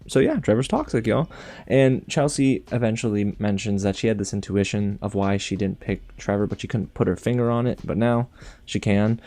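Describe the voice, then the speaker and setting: Low-voiced man with sarcastic, animated asides. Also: moderate pace, dry recording. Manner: animated and sarcastic, with exaggerated pitch jumps on asides. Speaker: TV show reviewer. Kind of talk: casual recap and commentary.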